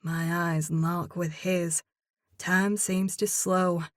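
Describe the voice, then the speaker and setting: Slow, low-voiced woman narrating an audiobook. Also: no room sound, clean studio sound. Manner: expressive, reads in character as heroine. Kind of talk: first-person romance audiobook narration.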